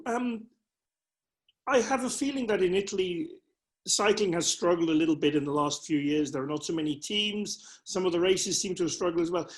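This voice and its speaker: High-voiced man asking polite questions. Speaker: interviewer. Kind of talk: podcast interview.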